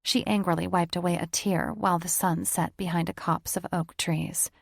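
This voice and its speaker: Low, gravelly woman narrating a romance. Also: normal speed, no echo, clean studio sound. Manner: steady storytelling. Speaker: audiobook narrator. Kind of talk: scripted narration.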